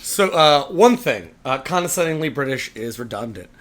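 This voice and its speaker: A man's voice: medium pitch, animated, moderate pace, fairly bright tone. A man co-hosting a podcast, chatting casually about video games, joking and swearing freely. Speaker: podcast co-host.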